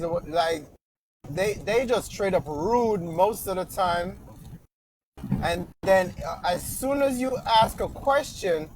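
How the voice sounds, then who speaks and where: A man's voice: high-pitched, animated, takes it slowly, slight background noise, poor audio. A man in a casual debate, animatedly telling his own experiences and acting out both sides.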